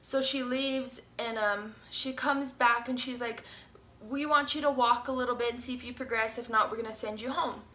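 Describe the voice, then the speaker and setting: Bright, chatty young woman vlogger. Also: a little high, moderate pace. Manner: chatty, animated, says "like" often. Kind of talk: casual storytime.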